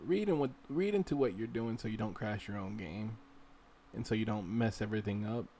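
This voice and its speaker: A gaming livestream host rambles through a casual screen-share tutorial on modding a game, talking straight to viewers and urging them to try things themselves. His voice is fairly low, mellow and a little fast, with a slight hiss or hum.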